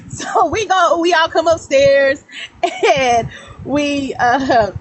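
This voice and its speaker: A woman in her thirties telling childhood stories on a livestream, animated and laughing, rambling between thoughts. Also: sits high, slow, raised voice, low-quality recording. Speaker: guest. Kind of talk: casual storytelling on a livestream.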